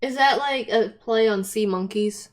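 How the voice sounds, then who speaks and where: Slow-talking young woman reacting. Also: on the high side. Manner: reactive, quick exclamations. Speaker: co-host, the girlfriend. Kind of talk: casual reacting chat.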